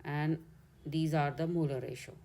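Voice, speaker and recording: Low-voiced Indian woman teaching chemistry. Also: steady tone, moderate pace, warm tone. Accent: Indian English. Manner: step-by-step explaining, corrects herself mid-way. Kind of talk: exam solution walkthrough.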